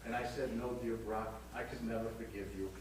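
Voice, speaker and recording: A man with a lowish, steady, everyday voice talks a little fast in a sly live vaudeville comedy monologue, playing a bawdy aging woman who tells racy stories and teases the audience between punchlines. The small theater is picked up by a far camera in the house, so the sound is echoey, noisy and full of audience laughter.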